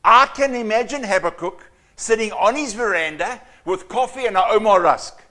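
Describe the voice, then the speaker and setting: A man preaching a sermon as pastor, reading scripture dramatically and swinging between loud outbursts and hushed asides. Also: high-pitched, lively intonation, normal speed.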